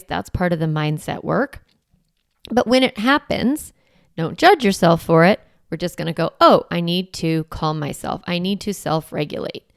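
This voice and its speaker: A woman's voice: lowish voice, creaky, dry recording, clean studio sound. A woman in her forties hosting a parenting podcast, talking listeners through ideas in a conversational, reassuring way and often checking in with "right?". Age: 40s. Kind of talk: solo podcast teaching.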